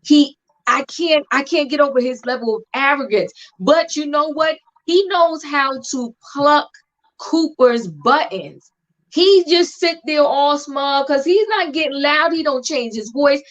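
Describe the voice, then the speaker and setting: A woman co-hosting a casual chat about a TV show, talking in an animated, emphatic, slangy way. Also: high voice. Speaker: podcast co-host. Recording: dull lo-fi recording.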